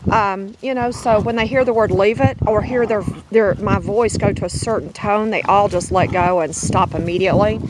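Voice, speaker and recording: A woman's voice: medium pitch, fairly even intonation, normal speed, few pauses, background noise. A middle-aged woman, a dog breeder, narrating a casual home video in a chatty, rambling, affectionate way. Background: puppies squealing and playing.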